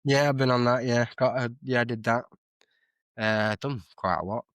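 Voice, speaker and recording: A young man with a mid-range voice talks at normal speed on a dry recording. A streamer and musician appearing as a podcast guest, he chats casually and tells rambling stories, correcting himself along the way.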